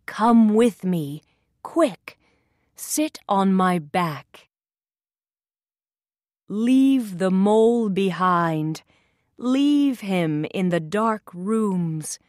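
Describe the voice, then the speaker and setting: A woman's voice: mid-range voice, lively intonation, no echo, studio quality. Kindly bird friend, read by a woman. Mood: urging, kind. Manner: slow, warm-hearted storybook delivery. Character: kind male bird, a loyal friend.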